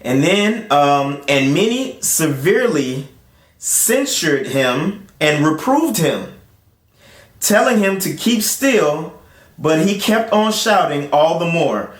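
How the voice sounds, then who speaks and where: A man preaching in a loose, conversational way, pausing and restarting as he reads scripture and comments on it. His voice sits a little high and climbs sharply when he acts out the crowd. The room gives it a noticeable echo. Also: expressive. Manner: rises in pitch to act out crowd voices. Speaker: host and preacher. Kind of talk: casual sermon with scripture reading.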